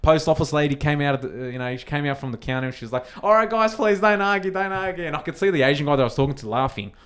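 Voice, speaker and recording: A man's voice: mid-range voice, very fast. A young Australian man on a casual podcast, telling a story with lots of swearing and acted-out quotes. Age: young adult. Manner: animated, swears freely, acts out quotes. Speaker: podcast co-host.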